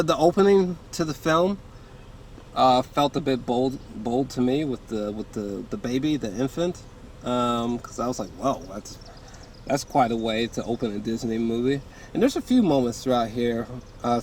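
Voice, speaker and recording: A man's voice: medium pitch, a little hiss or hum. A man giving a casual, rambling film review from a hot room indoors, full of fillers and swearing. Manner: rambling, frequent fillers and profanity. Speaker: movie reviewer.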